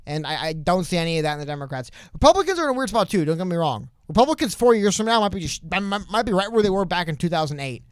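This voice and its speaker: A man with a high, smooth, clear voice co-hosts a casual political podcast. He rambles in an animated way, trailing into asides and restarting his sentences. The sound is dry, with no room echo. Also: rapid-fire, hardly any pauses. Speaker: podcast co-host.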